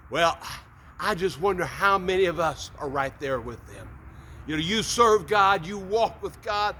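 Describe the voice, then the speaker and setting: A man's voice: high-pitched, lively intonation, a little slow, bright, forceful tone, slight background noise. A man hosting a short morning devotional talk, upbeat and folksy, often repeating words as he goes. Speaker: preacher, motivational host.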